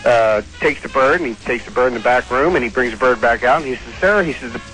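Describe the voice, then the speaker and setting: A man calling into a radio show, telling a joke in a halting way with restarts. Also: mid-range voice, a bit bright, faint music behind, rough recording. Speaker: call-in contestant.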